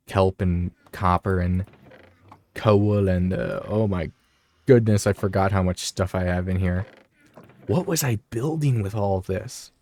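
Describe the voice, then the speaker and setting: A man rambling through gameplay, low-pitched. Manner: rambling, self-interrupting, easily excited. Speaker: gaming video creator. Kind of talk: casual gameplay commentary.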